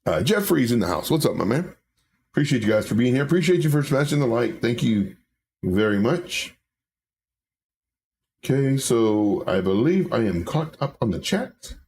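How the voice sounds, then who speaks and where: A man's voice: mid-range voice, very animated, moderate pace, vocal fry, a little mellow, a little hiss or hum. A man hosting a casual livestream, chatting with viewers and talking through charts, often repeating his words. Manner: chatty, reads viewer comments aloud, repeats himself. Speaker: livestream host reading chat. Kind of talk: casual live-stream chat and chart analysis.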